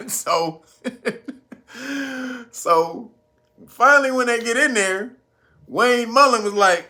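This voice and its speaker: Male podcast host, high and sharp-toned, crude comic rant full of laughs. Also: extremely slow, pauses often. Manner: laughing often, acting out quotes loudly. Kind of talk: profane comedic commentary.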